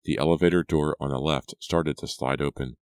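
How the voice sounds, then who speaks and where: A man reading a thriller audiobook as its narrator, in a steady, measured delivery. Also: rumbling low, clean tone, no echo, studio quality. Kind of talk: scripted narration.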